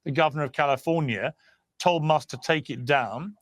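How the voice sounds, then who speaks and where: A man with a British accent moderating a live TV debate, brisk and cutting in. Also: fairly high pitch, dry recording. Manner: interrupting, brisk. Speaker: talk show host.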